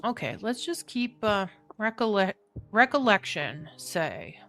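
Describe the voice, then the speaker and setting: A middle-aged woman works through a crossword aloud at an unhurried pace. She muses, questions herself and laughs easily, over faint background music. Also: mid-range voice, very animated, a bit bright. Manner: musing, self-questioning, quick to laugh. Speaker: crossword solver. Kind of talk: thinking aloud while solving a puzzle.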